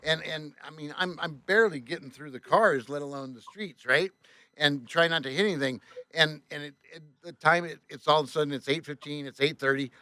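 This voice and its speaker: A man telling a story as a tour bus driver on a podcast, animated, swearing often and acting out the other voices. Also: fairly high pitch, a little fast, no echo. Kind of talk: casual storytelling.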